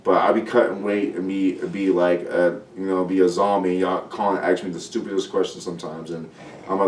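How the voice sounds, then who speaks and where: A man talking as a guest fighter in a casual podcast chat, blunt and profane with animated storytelling. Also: low-pitched, brisk, a little hiss or hum. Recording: roomy sound from a distant mic.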